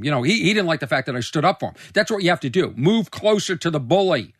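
A man's voice: sits high, animated, quick pace, few pauses, a bit bright, no echo, clean studio sound. A man hosting his own show, telling rambling stories in a casual monologue full of fillers and restarts. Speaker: comedian podcast host.

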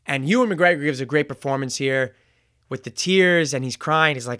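A man giving a casual spoken review, retelling scenes in a chatty way with fillers and quick self-corrections. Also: medium pitch, fairly bright tone, no room sound, studio quality. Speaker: show reviewer.

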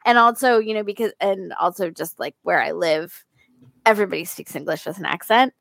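Woman, podcast guest, gravelly fry, dry close sound, animated, lots of fillers. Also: medium pitch, fairly quick, dry recording. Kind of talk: casual podcast discussion.

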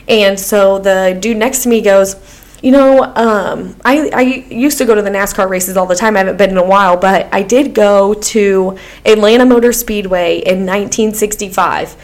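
A woman chatting casually on a podcast, telling stories with lots of laughter. She acts out what other people said, and her voice sits at an ordinary middle pitch. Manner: animated storyteller, laughs often, acts out quotes. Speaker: podcast co-host. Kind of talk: casual chat.

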